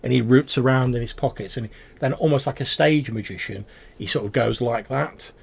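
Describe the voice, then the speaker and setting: A man's voice: medium pitch, normal speed, gravelly, husky. A man narrating a tabletop game as game master, in a rambling, filler-heavy way.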